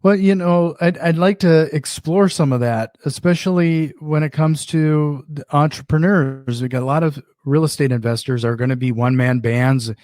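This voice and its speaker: A man with a Minnesotan accent hosts a relaxed interview, his voice sitting a little high. He circles around his questions before landing them. The sound is dry and close, with no room in it. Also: moderate pace, few pauses, no room sound. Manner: rambling, restarts questions. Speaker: podcast host. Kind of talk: casual interview.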